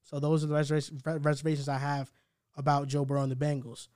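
A man's voice: on the high side, fast, no room sound, studio quality. A man co-hosting a sports podcast, talking casually and laying out his arguments point by point. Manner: analytical, steady, building arguments point by point. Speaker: podcast co-host.

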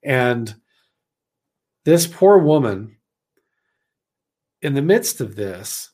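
A man from Idaho tells a story from his time as a missionary. His voice sits at an ordinary middle pitch, and he rambles along with plenty of "like" fillers. The telling is animated and casual. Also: drawn-out words. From Idaho, USA.

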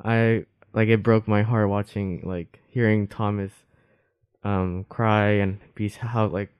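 A man's voice: fairly low pitch, steady tone, unhurried, clean tone, no room sound, dull audio. A young man co-hosting a podcast, talking sincerely and loosely, full of "like" and restarts. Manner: rambling, filler-heavy, sincere. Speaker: podcast co-host. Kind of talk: casual heartfelt chat.

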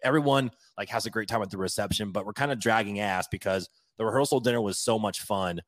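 Young man, podcast co-host, animated storyteller, dry close sound. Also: lowish voice, fast talker, no echo. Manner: animated, laughing, swears casually. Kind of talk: casual storytelling chat.

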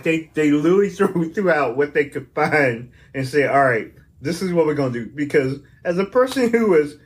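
A middle-aged man co-hosting a podcast in casual chat, animated and acting out imagined dialogue with loose, rambling asides. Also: mid-range voice. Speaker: podcast co-host.

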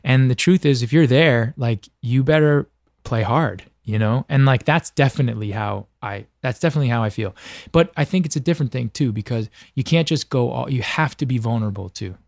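Earnest man musing in halting restarts. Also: mid-range voice, creaky, a little mellow, no room sound, studio quality. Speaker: podcast guest. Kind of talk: casual conversation.

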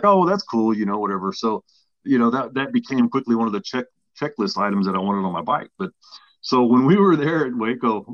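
Low-voiced man, rambling storyteller. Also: no echo. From Texas. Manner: rambling, with many restarts and acted-out quotes. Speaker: podcast guest. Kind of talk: casual storytelling. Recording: dull, dry lo-fi sound.

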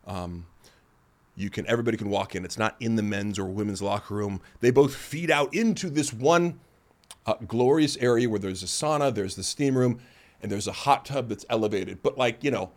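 A man hosting a podcast in casual chat, rambling and self-deprecating, acting out other people's lines as he tells stories. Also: medium pitch. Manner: rambling and self-deprecating, acts out quoted voices. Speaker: podcast host.

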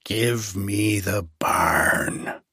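A man's voice: on the low side, very slow, bright, forceful tone, husky, dry recording, studio quality, heavily acted. A man voicing a harsh, merciless old fairy woman. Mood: cold. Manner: contemptuous, merciless.

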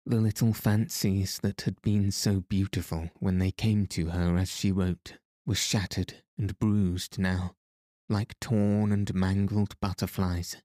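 A man reading a novel aloud as narrator, in a measured, expressive storytelling manner. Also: sits low, no room sound, clean studio sound. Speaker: audiobook narrator. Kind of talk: scripted narration.

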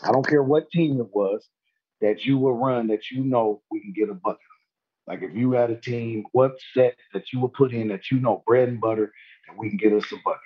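Husky-voiced man telling hoop stories. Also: medium pitch, brisk, muffled recording. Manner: laid-back, slangy, laughing storyteller. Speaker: guest, former pro basketball player. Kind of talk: casual storytelling chat.

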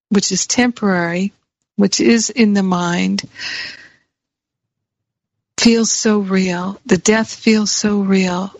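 A woman giving a slow, earnest spiritual talk as a teacher, repeating key phrases for emphasis. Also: mid-range voice, dry recording, highs cut off.

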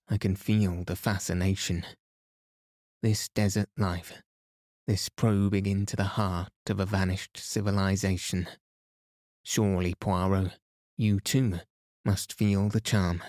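A man's voice: sits low, level tone, slow, a little mellow, no echo, studio quality. A man reading aloud as an earnest, eager male companion of a detective. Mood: wondering. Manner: earnest, urgent in alarm.

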